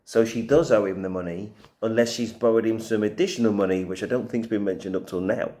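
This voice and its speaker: A man hosting a reaction video, thinking aloud in casual, slangy talk as he pauses a clip. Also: on the low side, warm tone.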